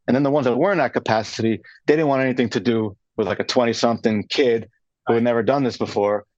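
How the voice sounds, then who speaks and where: A man's voice: medium pitch, fast, darkish tone, dry recording, highs cut off. A man in his thirties, a guest on a radio interview, telling his story in a rambling way with many restarts and fillers. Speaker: guest, charcuterie maker. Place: radio studio.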